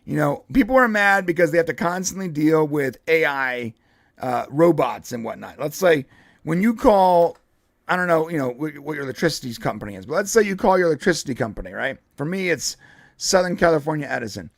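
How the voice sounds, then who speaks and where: High-voiced, rambling man on a dry live stream. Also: animated, a little fast, creaky, no echo. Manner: rambling, laughs often, many restarts. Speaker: podcast co-host. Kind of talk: casual live-stream chat.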